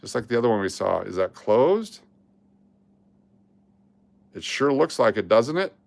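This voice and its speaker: A man talking through a coin roll hunt at his table, muttering to himself, getting excited at finds and groaning at misses. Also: medium pitch, a little slow, gravelly. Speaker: coin roll hunting host. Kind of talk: casual coin-hunting commentary.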